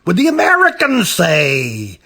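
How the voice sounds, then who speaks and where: A man's voice: sits high, huge pitch swings, measured pace, sharp tone, voice pushed up, heavily acted. A man voicing pompous police officers in a storybook, haughty and dismissive.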